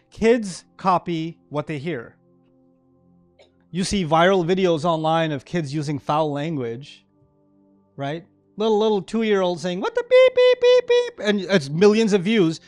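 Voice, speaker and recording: A man giving a sermon-style lecture to a live audience, animated and often checking in with listeners. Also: sits high. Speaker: Islamic speaker.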